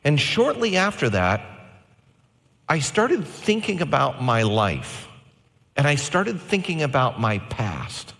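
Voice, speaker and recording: A pastor in his forties delivering a sermon with animated, varied delivery and slow, emphatic phrases. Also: a little high, vocal fry, big-room sound.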